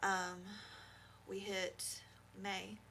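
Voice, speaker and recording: A young woman guest on a podcast shares a painful personal story in a halting, heartfelt way, leaning on fillers as she goes. Her voice sits in an ordinary middle pitch with a noticeable gravelly fry. A faint hiss lies under the studio recording. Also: little pitch movement, bright, forceful tone. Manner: halting, heartfelt, full of "you know" fillers. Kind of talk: emotional personal testimony.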